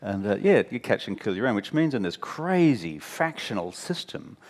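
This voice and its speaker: A deep-voiced Australian man tells stories on stage in a candid interview. He is animated and wry, slips into mimicking the people he quotes, and speaks bluntly. He sounds like a man in his fifties. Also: moderate pace. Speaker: interview guest, former prime minister. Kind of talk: candid anecdotal conversation on stage. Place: stage at a talk venue.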